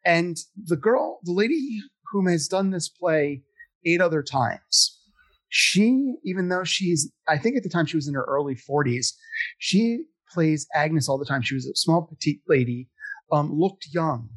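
A man's voice: a little high, expressive, measured pace. A middle-aged man telling a long story in casual chat, rambling and self-deprecating, with many fillers. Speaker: podcast guest telling stories.

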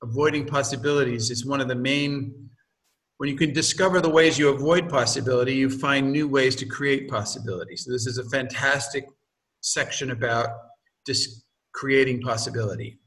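A man's voice: medium pitch, steady tone, normal speed, a bit bright. A man reading aloud from his own book, stopping often for loose, joking asides and homely examples. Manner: digressive, stops to explain with homely examples and jokes. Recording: voice from a distance from the mic.

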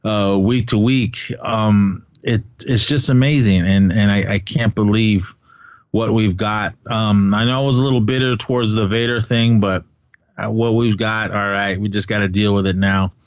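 A man's voice: fairly low pitch, steady tone, moderate pace, no echo. A man in his forties co-hosting a casual fan chat, enthusiastic and rambling with many fillers. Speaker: podcast co-host. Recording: dull dry sound.

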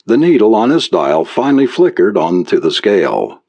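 A man reading a story aloud as audiobook narrator, measured and expressive. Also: on the low side, breathy edge.

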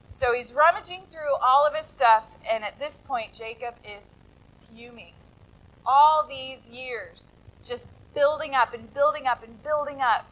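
Woman pastor, high and bright-toned, sermon, chatty storytelling with asides to the listeners. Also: a little slow, poor audio. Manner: conversational, lively retelling with asides to the congregation.

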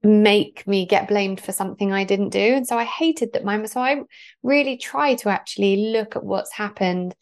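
A woman's voice: medium pitch, normal speed. A woman hosting a podcast, asking long, chatty questions with restarts. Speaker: podcast host. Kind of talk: podcast interview.

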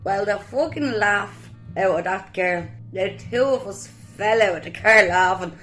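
An Irish woman sharing lively, colloquial stories in a personal tribute to her late cousin. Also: medium pitch, a little slow, soft background music. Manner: lively anecdotal storytelling, colloquial. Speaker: guest sharing memories of a cousin.

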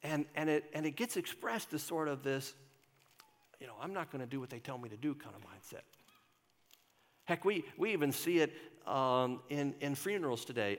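Speaking in a mid-range voice with a big-room sound, an older man leads his congregation through a conversational sermon. As their pastor, he asks them questions from the church sanctuary.

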